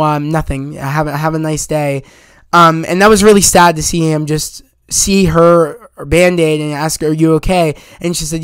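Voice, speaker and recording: A man's voice: on the high side, clear, resonant tone, no echo, studio quality. A man giving a casual spoiler review of a film, eagerly retelling scenes and quoting dialogue as he rambles on.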